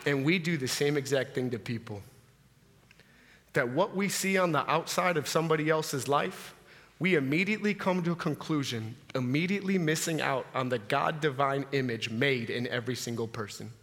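A man in his thirties preaching a sermon, telling animated stories and challenging the listeners directly. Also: fairly high pitch. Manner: animated storytelling, direct and confrontational. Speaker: pastor. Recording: long reverb in a large hall.

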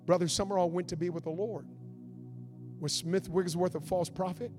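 A man preaching a fervent sermon in a church, swinging between loud build-ups and hushed passages. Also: sits high, fairly even intonation, moderate pace, music in the background. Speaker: pastor.

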